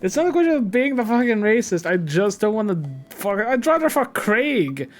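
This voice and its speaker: A young man streaming a game live, commenting with excitable, profane outbursts. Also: sits high, normal speed.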